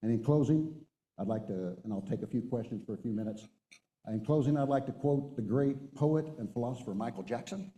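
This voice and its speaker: A middle-aged man with a very dark, mellow voice gives a motivational talk from a stage to a group of men. He tells war stories and exhorts his listeners with emphatic, punchy delivery. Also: medium pitch, fairly quick, big-room sound, low-quality recording. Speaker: retired Marine colonel speaker. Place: stage before an audience.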